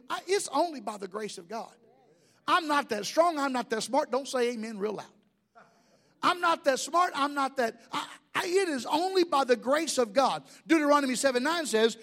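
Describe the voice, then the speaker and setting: High-voiced folksy preaching man. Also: expressive, moderate pace, fairly bright tone. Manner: folksy preaching with jokes and crowd questions. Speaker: pastor. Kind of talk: sermon.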